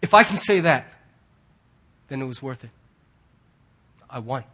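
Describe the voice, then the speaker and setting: A male pastor preaching a sermon earnestly, swinging from loud emphatic lines to hushed, quiet ones. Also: mid-range voice, expressive, measured pace, slightly rough.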